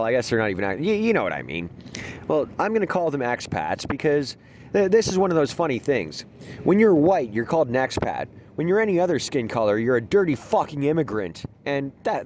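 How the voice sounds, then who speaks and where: A man's voice: medium pitch, a little mellow, a little hiss or hum. A man hosting a gaming video, telling rambling, profane stories in a casual way and laughing at his own jokes. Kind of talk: casual storytelling over gameplay.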